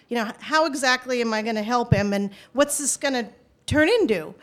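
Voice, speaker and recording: A woman telling a personal story out loud, conversational and halting, with frequent restarts. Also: sits high. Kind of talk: first-person spoken storytelling.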